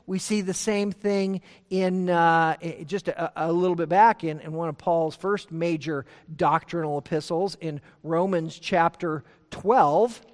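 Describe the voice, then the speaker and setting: Emphatic preacher in a reverberant hall. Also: male voice, fairly high pitch, fairly even intonation. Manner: emphatic, swings from loud to hushed; slows down to read scripture aloud. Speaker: pastor. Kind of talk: expository sermon. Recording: long reverb of a large hall.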